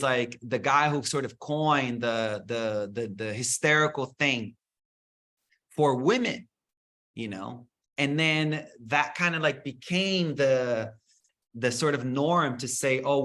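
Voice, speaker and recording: A man leading a spiritual workshop in an expressive, casual way, swearing freely and slipping into mocking voices. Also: mid-range voice, slow pace. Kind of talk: animated spiritual talk.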